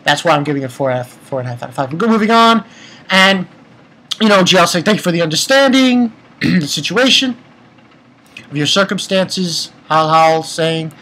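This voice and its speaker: A man giving a casual, excitable manga chapter review, retelling scenes and breaking into profane rants. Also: a little high, normal speed, low-quality recording.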